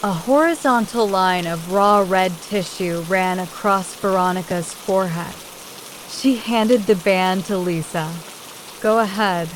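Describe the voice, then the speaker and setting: A woman reading a horror story aloud as an audiobook narrator, in a measured, deliberate way. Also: mid-range voice, slight background noise, rough recording. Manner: slow, measured reading with voiced quotes. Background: rain sound.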